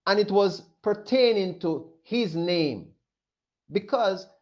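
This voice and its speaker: Male preacher, high voice, slow deliberate delivery, dull lo-fi sound. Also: a little mellow. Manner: emphatic, repeats phrases, voices questions of others. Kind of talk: sermon. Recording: dull lo-fi recording.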